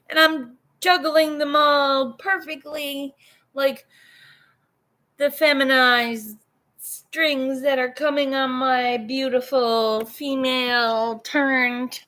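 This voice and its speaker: A woman's voice: high-pitched, fairly even intonation, takes it slowly, a bit bright. A woman chatting casually with viewers on a home livestream, greeting them and drifting from topic to topic. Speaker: livestream vlogger. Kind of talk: casual live chat.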